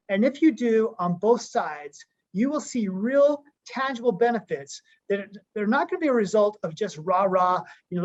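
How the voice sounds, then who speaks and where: A man's voice: high voice, expressive, fairly quick. Upbeat rambling man on a muffled call. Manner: upbeat, rambling with frequent restarts. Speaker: company co-founder. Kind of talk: conference call pep talk.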